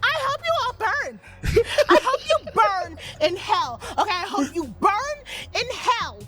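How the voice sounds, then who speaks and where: A woman's voice: very high-pitched, very animated, unhurried, over music, full character voice. An actress voicing a manic female slug racer in a video game who is obsessed with winning. She shifts from chirpy to screaming, foul-mouthed tantrums. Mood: screaming rage.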